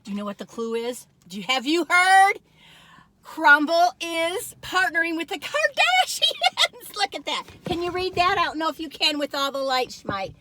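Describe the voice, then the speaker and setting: Bubbly, giggly woman with a lively high voice. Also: moderate pace. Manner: bubbly and giggly, chatty asides. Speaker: food review vlogger. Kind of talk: casual taste-test vlog.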